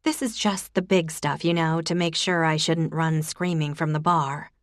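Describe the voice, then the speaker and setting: Woman playing a flustered young woman, higher-pitched. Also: fairly even intonation, normal speed, no room sound, studio quality, close to an everyday voice. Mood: eager. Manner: nervous, eager.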